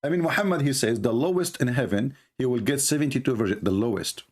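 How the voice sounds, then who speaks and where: A man's voice: mid-range voice, fast talker. A man giving a sarcastic, mocking monologue as a religious debater, full of scornful rhetorical questions.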